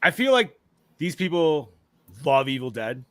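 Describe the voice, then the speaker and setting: A man hosting a casual horror movie podcast, excitable, swearing a lot and laughing often. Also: fairly high pitch, unhurried, no echo. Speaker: podcast host.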